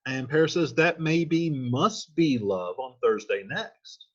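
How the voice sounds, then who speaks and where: Male teacher, casual line-by-line play explainer, husky voice, lo-fi sound. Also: medium pitch, expressive, a little slow, a bit bright. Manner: reads old lines then paraphrases them in slangy modern speech.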